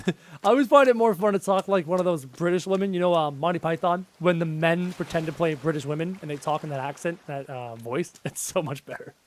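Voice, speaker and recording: A man giving chatty live gameplay commentary, excitable and often yelping at enemies. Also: a little high, fairly quick. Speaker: gaming YouTuber.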